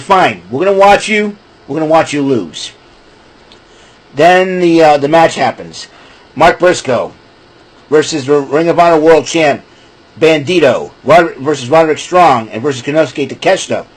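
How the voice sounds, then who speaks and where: Guy rambling through a wrestling recap, chatty, bit high voice. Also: husky, rough recording. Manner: rambling, chatty, breaks into laughing fits. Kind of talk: casual wrestling recap podcast.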